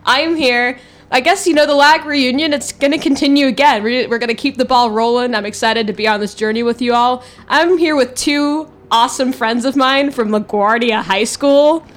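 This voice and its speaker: A woman's voice: sits high, moderate pace. A young woman in college age hosting a casual chat podcast, bubbly and giggly. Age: young adult. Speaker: podcast host.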